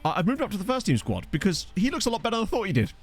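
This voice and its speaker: A young man giving casual, joking commentary over a football management game, reacting with quick exclamations. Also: high-pitched, huge pitch swings, faint music behind. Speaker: gaming video host. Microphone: desk USB microphone.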